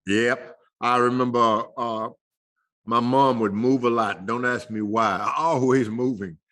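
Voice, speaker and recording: Older male guest, folksy chuckling storyteller, bright forceful tone. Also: medium pitch, steady tone, a little slow. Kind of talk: casual storytelling interview.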